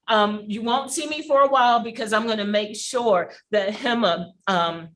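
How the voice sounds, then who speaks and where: A woman's voice: on the high side, fairly bright tone. A woman, an outgoing program coordinator, giving tearful farewell remarks on a video call, often breaking into laughter. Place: shared office room. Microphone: computer video call.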